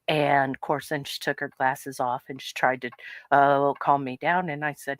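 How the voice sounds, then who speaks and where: A woman's voice: low voice, normal speed, no echo. A middle-aged woman co-hosting a casual podcast as a health coach, telling stories with frequent laughs and acted-out quotes. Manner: animated storyteller, laughs often, acts out quotes. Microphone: podcast microphone.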